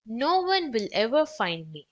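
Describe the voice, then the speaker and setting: A woman voicing a brave young boy in a storybook read-aloud, with an eager, lively delivery. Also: on the high side, measured pace, dull audio.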